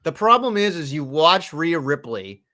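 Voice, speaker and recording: A man's voice: fairly high pitch, sing-song, normal speed, pushed and bright. A man co-hosting a wrestling podcast, blunt and profane, ranting in casual chat.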